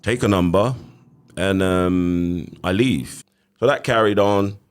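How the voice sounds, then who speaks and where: Deep-voiced London man telling his story. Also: slow, clean tone. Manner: animated retelling with acted quotes. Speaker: podcast guest. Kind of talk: casual storytelling.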